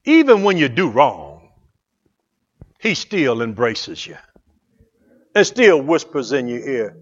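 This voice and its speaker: A man preaching a fervent sermon as pastor, swinging from hushed asides to loud exclamations. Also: mid-range voice, big pitch swings, slow, muffled recording.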